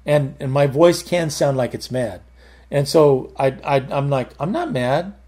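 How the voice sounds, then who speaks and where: A man teaching a Bible study as a pastor, talking conversationally with many halting repeats. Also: mid-range voice, a little mellow.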